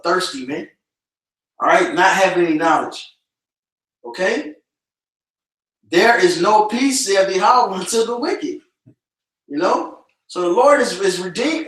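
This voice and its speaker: A street preacher proclaims scripture in a casual style, tacking "man" onto his lines. His voice is high-pitched with a fairly bright tone, and the recording sounds echoey and far from the mic.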